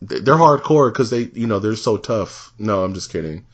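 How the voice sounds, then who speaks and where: A man co-hosting a podcast in casual chat, animated and laughing often, slipping into mock voices when he tells a story. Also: fairly low pitch, normal speed. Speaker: podcast co-host.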